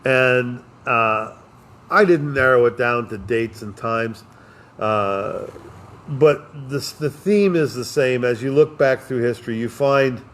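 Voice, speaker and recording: Sex: male. Role: podcast host. Style: casual rambling talk. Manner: philosophical, joking, filler-heavy. Pitch: middle. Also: takes it slowly, a bit bright.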